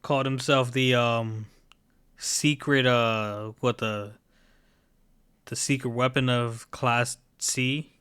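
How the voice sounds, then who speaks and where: A man with a mid-range voice joins a casual podcast chat, dropping short, relaxed remarks. His voice is smooth and clear. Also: mid-range voice, takes it slowly. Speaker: podcast co-host.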